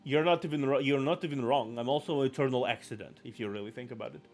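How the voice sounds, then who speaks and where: A man's voice: medium pitch, fast, darkish tone, faint music behind. A man chatting casually on a live stream, rambling and self-deprecating, apologizing often.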